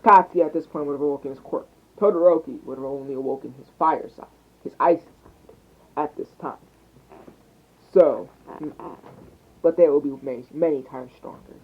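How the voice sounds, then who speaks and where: A man's voice: fairly high pitch, normal speed, long pauses. Rambling young man telling a fan story. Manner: rambling, hesitant, with restarts. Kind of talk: improvised fan-fiction narration. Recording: tinny phone mic.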